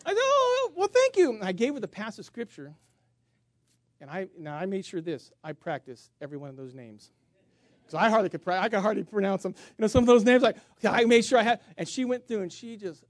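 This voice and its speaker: A man preaching as a pastor, animated and humorous, jumping between loud emphasis and quiet asides. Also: sits high, no echo. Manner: humorous storytelling with self-mockery. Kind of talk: sermon.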